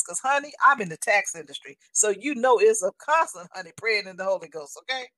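A woman in her sixties shares a faith testimony, casual, animated and emphatic, often calling the listener honey. Her medium-pitched voice runs a little fast with few pauses, and there's no echo.

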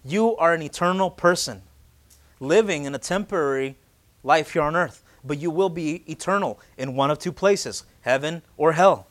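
Late-twenties man preaching a lively sermon. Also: fairly high pitch, normal speed. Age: late 20s. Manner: conversational, joking, shifts into loud urgent emphasis. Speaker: pastor.

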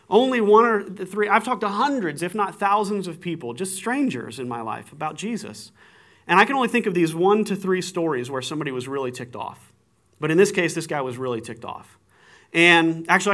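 A man preaching a sermon, telling stories with animated swings in voice. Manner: animated storytelling, acts out shouting with big jumps in pitch. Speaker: pastor.

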